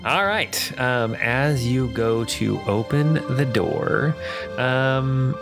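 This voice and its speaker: A man's voice: mid-range voice, expressive, extremely slow, music in the background. A man narrating a tabletop game as dungeon master, rambling with chuckling asides.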